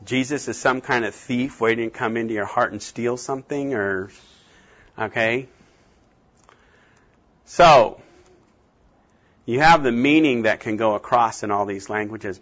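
Animated male lecturer, slightly muffled. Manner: animated, acts out scenes with big jumps in pitch. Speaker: teacher. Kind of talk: classroom lecture on Bible translation. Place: classroom.

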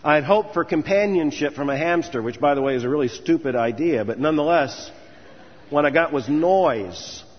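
Male preacher, slightly high and husky, earnest sermon delivery, dull recording with long hall reverb. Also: animated, moderate pace. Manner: earnest, storytelling, building to emphatic lists. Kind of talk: commencement sermon.

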